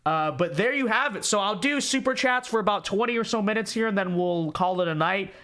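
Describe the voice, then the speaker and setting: A young man hosting a livestream podcast, chatting casually, rambling and repeating words with sudden animated outbursts. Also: high voice, brisk. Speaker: podcast host.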